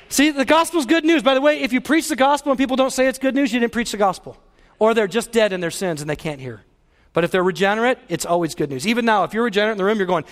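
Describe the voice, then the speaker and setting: A man's voice: extremely high pitch, expressive, fast, big-room sound. A male pastor preaching a sermon with passionate, emphatic delivery.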